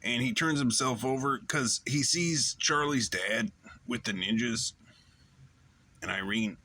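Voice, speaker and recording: A man with a bright, forceful voice talks through a casual episode recap. His delivery is loose and rambling, full of "like" and "remember" as he retells one scene after another. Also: mid-range voice, a little slow, no echo. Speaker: show host.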